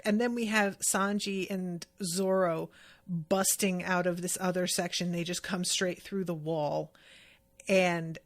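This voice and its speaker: Gravelly-voiced woman recapping episodes. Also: fairly low pitch. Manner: chatty, amused, retells scenes with quoted lines. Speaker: podcast host.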